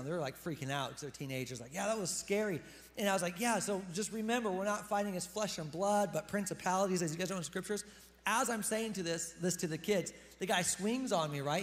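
A man's voice: sits high, fast talker. A male pastor giving a sermon in a chatty, casual way, talking straight to his congregation in a church hall.

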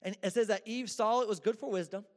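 A man's voice: sits high, fairly even intonation, fast talker. A man preaching a sermon in a church, casual and joking with slang. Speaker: pastor. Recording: echoey church hall.

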